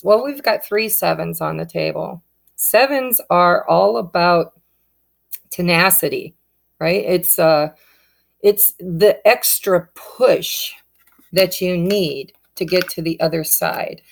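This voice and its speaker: A woman's voice: mid-range voice, creaky. A woman giving a casual tarot reading, speaking straight to her viewers in an upbeat, encouraging way. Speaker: tarot reader.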